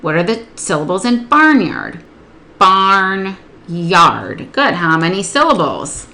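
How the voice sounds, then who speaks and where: A woman teaching early literacy, explaining a workbook lesson step by step and slowing down to sound out words and syllables. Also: fairly low pitch, wildly swooping pitch, pushed and bright. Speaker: literacy tutor. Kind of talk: instructional demonstration.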